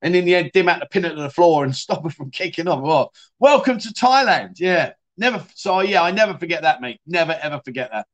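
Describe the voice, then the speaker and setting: A man's voice: on the high side, fast talker, few pauses, a bit bright. A man hosting a casual livestream from Thailand, chatting with viewers and telling stories in a friendly way. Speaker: livestream host. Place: home in Thailand.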